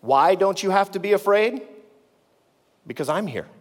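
A man's voice: expressive, moderate pace. Man preaching in a reverberant hall. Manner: conversational preaching, dropping low and quiet for reassuring lines. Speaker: pastor. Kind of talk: sermon.

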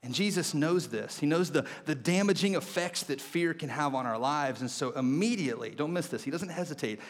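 A man preaching a sermon as pastor, animated storytelling that swings between excited and hushed. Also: fairly high pitch, fairly quick. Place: church auditorium. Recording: long hall reverb.

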